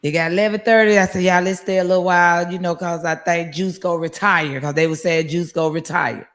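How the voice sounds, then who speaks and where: A woman telling a story in a casual, animated way, acting out what people said and cursing freely. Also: lowish voice, fairly quick. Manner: animated storyteller, acts out quotes, swears casually. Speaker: guest, raffle winner.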